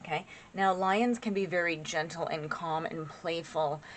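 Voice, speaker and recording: A woman in her forties doing a casual tarot reading to camera, chatty and excitable, rambling with asides to her viewers. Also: on the low side, unhurried, slight background noise. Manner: chatty and excitable, laughs often, gushes over cards. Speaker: tarot reader.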